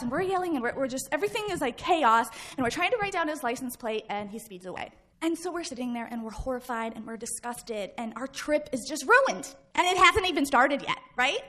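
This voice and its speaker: A woman in her thirties tells a personal story to a live audience. Her voice sits high and sounds bright. She tells it with energy, acts out shouts and laughs along the way. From Midwest United States. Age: 30s. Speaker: guest speaker.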